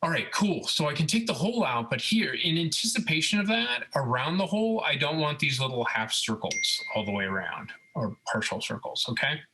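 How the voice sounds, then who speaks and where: Husky man explaining a CAD tutorial. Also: a little high, brisk, hardly any pauses, rough recording. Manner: relaxed step-by-step explaining, frequent "okay?" check-ins. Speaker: robotics instructor. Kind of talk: screen-recorded CAD tutorial.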